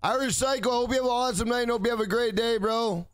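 A man's voice: very high voice, quick pace, smooth, dry recording, faint music behind. A man live-streaming a video game, swearing often and greeting viewers in chat by name. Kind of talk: live gaming stream commentary.

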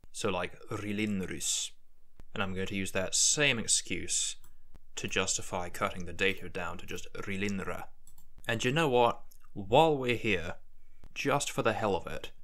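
A man's voice: deep voice, fairly bright tone. A man hosting a language-building tutorial, thinking aloud as he works through word forms. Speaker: conlang video host. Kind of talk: screen-recorded tutorial narration.

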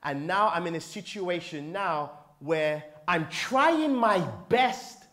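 A middle-aged man delivers a sermon with fervour. His voice sits high and leaps across a wide range of pitch. He takes his time, sinking to near-murmurs before breaking into shouts. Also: expressive, takes it slowly. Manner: passionate, swings from quiet to shouting. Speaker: preacher.

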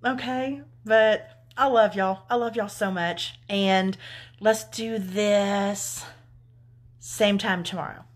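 A woman's voice: medium pitch, fairly even intonation, slow pace. A middle-aged woman with a Southern US accent, an author reading her own book aloud and then chatting with her live viewers in an effusive way, swearing freely.

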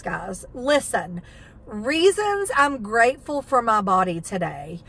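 A woman's voice: a little high, a bit bright. A woman chatting enthusiastically through a shopping haul video, reading product labels aloud. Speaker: haul vlogger. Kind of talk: casual haul video chat.

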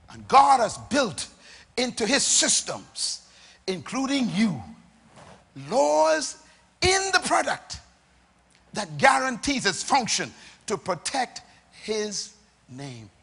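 A Bahamian man preaching a sermon, asking the crowd questions and answering them, dropping soft and then rising to loud emphatic lines. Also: high voice, big pitch swings, slow, gravelly, slightly rough, big-room sound. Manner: emphatic, call-and-response questions, swings between soft and loud.

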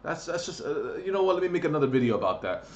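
A man's voice: a little high, very animated, fast, highs cut off. A man ranting on his vlog, crude and profane, blunt and mocking. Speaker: vlogger.

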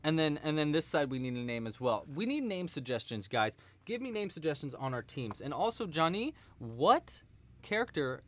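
A man's voice: a little high, big pitch swings, moderate pace, a bit bright. A man hosting a live crochet stream, chatting casually and explaining stitches with many fillers.

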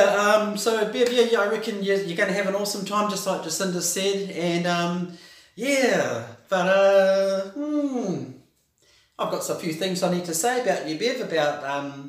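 A man with a New Zealand accent talks through a casual birthday message, rambling and hesitant and filling gaps with ums. His voice sits a little high for a man. The recording is heavily echoey, as if made in a bare, hard room. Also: a bit bright. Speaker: brother giving a birthday tribute.

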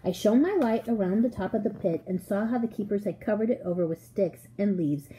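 Mellow woman reading a storybook. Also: mid-range voice, slight background noise, poor audio. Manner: expressive, measured reading. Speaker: audiobook reader. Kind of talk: storybook narration.

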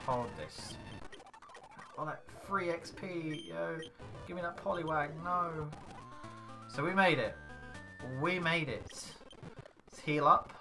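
A let's play host giving casual gameplay commentary in a chatty way, reading game text aloud in playful voices. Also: mid-range voice. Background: game music.

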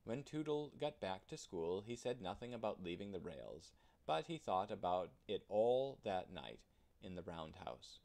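Expressive low-voiced man reading a children's story. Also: unhurried, creaky. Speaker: narrator. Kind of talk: children's storybook read-aloud.

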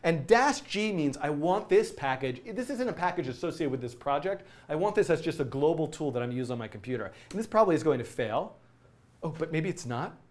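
A man's voice: a little high, expressive, fairly quick, darkish tone. A middle-aged man teaching coding in a casual, rambling way, often laughing and correcting himself as he works. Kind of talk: casual live-coding tutorial.

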